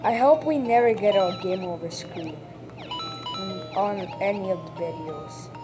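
A woman chatting casually through a video game playthrough, breaking into excited shouts and laughs at close calls. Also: mid-range voice, unhurried. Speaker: gameplay commentator. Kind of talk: casual let's-play commentary. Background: video game music.

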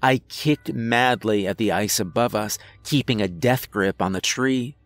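Slow-paced man narrating horror. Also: lowish voice, dry recording. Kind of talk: scripted first-person horror narration.

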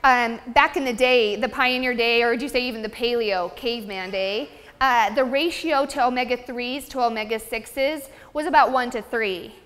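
Upbeat high-voiced woman giving a seminar. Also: a bit bright. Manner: upbeat, chatty, talks to the audience. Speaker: nutrition seminar presenter. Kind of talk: live seminar lecture. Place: seminar room. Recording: long hall reverb.

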